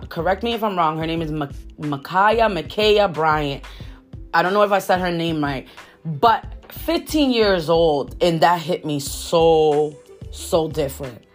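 Earnest woman preaching on a podcast. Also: lowish voice. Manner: earnest, repeats phrases for emphasis. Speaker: podcast host. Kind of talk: faith podcast monologue.

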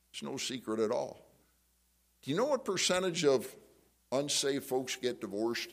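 A middle-aged male pastor preaching a sermon in a conversational way, asking the congregation questions. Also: medium pitch.

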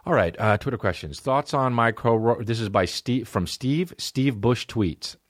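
A man's voice: unhurried, dry recording. Profane rambling man, dry mic. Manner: profane, rambling, animated swings in pitch. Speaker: podcast host. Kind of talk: solo podcast rant.

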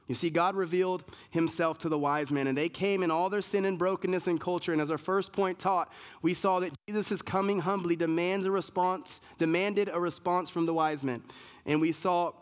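A man's voice: high-pitched, steady tone, moderate pace, smooth. A male pastor preaching an emphatic sermon, building points through repeated lists and restarts. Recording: long reverb of a large hall.

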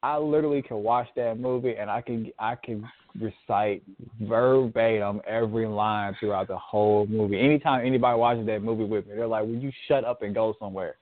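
A man's voice: lowish voice, fairly even intonation, fairly quick, no echo. A man in casual chat about a favorite movie, laughing often and quoting lines in raised voices. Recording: phone-like narrow sound.

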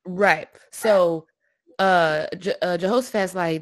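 A woman casually retelling Bible stories, slangy and animated, acting out the characters' lines. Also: fairly low pitch, unhurried, no room sound, studio quality. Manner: animated storyteller, slangy, acts out quotes. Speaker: podcast co-host discussing scripture. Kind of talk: casual Bible discussion chat.

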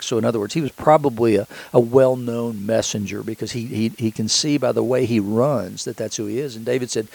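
A middle-aged man giving a sermon, retelling a scripture story in a conversational way with halting restarts. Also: mid-range voice, gravelly, a little mellow, breathy edge, no echo, rough recording.

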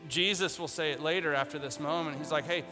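Pastor preaching over music in a reverberant hall. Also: male voice, on the high side, fairly even intonation, quick pace. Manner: conversational preaching, acts out Bible scenes in casual modern speech; repeats phrases for emphasis. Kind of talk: sermon.

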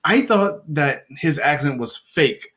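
A man's voice: on the high side, animated, slow pace, bright, forceful tone. A man co-hosting a podcast in casual chat, joking and laughing through his lines. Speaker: podcast co-host.

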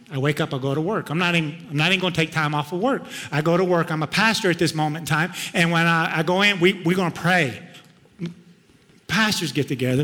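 A middle-aged man, a pastor, telling a personal story in a sermon, swinging from loud outbursts to hushed tones. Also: on the high side. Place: church sanctuary. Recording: long reverb of a large hall.

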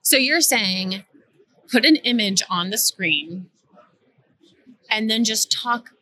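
A woman's voice: fairly high pitch, lively intonation, slow pace, sharp tone. A woman hosting a podcast interview, engaged and affirming as she sums up her guest's points. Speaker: podcast host.

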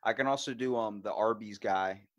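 Animated man telling stories, dry sound. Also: lowish voice, normal speed, dry recording. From Maryland, USA. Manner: animated storyteller, swears freely. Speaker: podcast host. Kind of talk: casual podcast chat.

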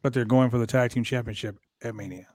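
A man's voice: mid-range voice, fairly even intonation, fast talker, a little mellow, no echo, clean studio sound. A man hosting a casual podcast chat, blunt and profane, who often breaks into laughter. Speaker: podcast host.

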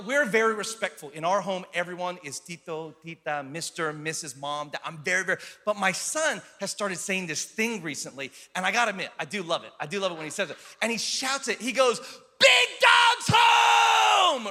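A man in his thirties preaching, with a very bright, ringing voice pitched a little high. He talks to the congregation in a loose, chatty way, and his voice carries through the long reverb of a large church hall. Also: animated, brisk, hardly any pauses. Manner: conversational, building to shouted preaching. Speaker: pastor. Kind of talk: sermon.

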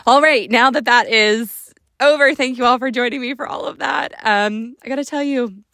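A woman's voice: sits high, normal speed, pushed and bright, dry recording, clean studio sound. A young woman hosting her own podcast, talking in an emotional, gushing and casual way, with some swearing. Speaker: podcast host.

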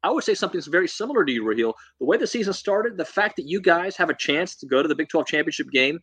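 A young adult man co-hosting a casual sports chat, joking and animated, teasing rival fans. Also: fairly high pitch, quick pace, husky. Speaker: co-host.

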